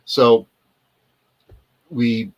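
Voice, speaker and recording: A man's voice: medium pitch, flat delivery, very slow, a little mellow, muffled recording. A male actor telling stories as an interview guest over a video call, rambling and digressing, often losing his point and coming back to it. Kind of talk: casual storytelling in a live interview.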